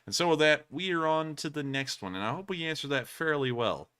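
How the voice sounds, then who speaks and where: Tired, bright-voiced man hosting a livestream. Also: on the high side, a little fast, clear, resonant tone. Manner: drawling, tired, apologetic between answers. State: exhausted, yawning. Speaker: livestream host. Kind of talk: casual livestream commentary.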